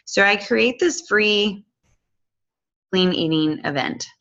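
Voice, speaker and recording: A woman's voice: mid-range voice, lively intonation, slow pace, fairly bright tone, dull audio. A woman walking viewers through a casual screen-share tutorial, chatty and affectionate with loose fillers.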